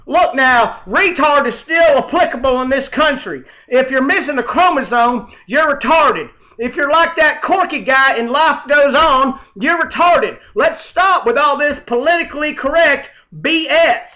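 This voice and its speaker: A man voicing a brash, indignant male pundit who rants and shouts. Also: very high voice, unhurried, few pauses, pitched above the performer's own voice, heavily acted. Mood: ranting. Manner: shouting, ranting. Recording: dull lo-fi recording.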